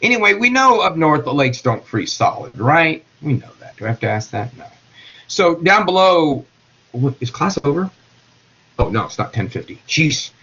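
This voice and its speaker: A man's voice: fairly high pitch, very animated, normal speed, pushed and bright, breathy edge. A middle-aged man giving a chemistry lecture in a classroom, folksy and joking with his students. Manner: folksy, jokey, talks to students by name. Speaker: chemistry teacher. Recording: dull lo-fi classroom recording.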